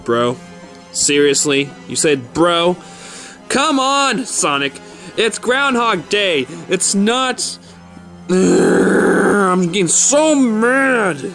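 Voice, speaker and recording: Dude playing an angry ranting mario, bright voice that shoots up high when he yells. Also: big pitch swings, takes it slowly, soft background music, full character voice. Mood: furious. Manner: exasperated, swearing, ranting. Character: Mario, short-tempered adult male plumber, easily enraged. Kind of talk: toy stop-motion fan skit voice.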